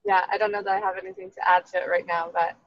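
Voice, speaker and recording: A woman guest in a casual chat, speaking softly and hesitantly. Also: on the low side, flat delivery, racing, lo-fi sound.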